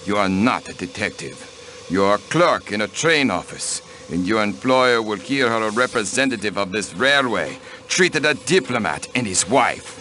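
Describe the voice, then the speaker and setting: A haughty aristocrat in a mystery game, a diplomat who protects his wife with cold formality. His voice sits low, even and controlled, dismissing questions as beneath him. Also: moderate pace, slight background noise. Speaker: count and diplomat. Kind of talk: video game voice acting.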